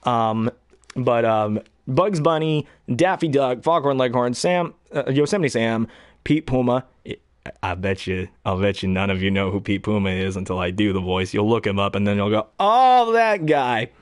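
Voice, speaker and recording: A man with a baritone voice, a hobby voice actor chatting casually, who rambles and often clears his throat. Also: moderate pace, dry recording, studio quality. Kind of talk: casual talk to camera.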